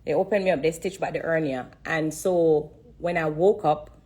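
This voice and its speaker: A woman's voice: deep voice, fairly even intonation, moderate pace, warm tone, slightly rough. A woman with a Jamaican accent giving an emotional testimony on a phone live stream, earnest and repeating herself for emphasis while fighting back tears.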